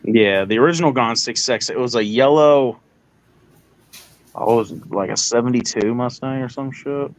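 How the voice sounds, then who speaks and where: A man chatting casually on a group call, rambling and trailing off into quiet asides. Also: medium pitch, normal speed, low-quality recording. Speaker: livestream participant.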